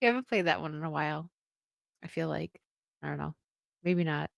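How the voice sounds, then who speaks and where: A woman hosting a casual livestream, briskly reading out donations and super chats. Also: low-pitched, creaky, dry recording.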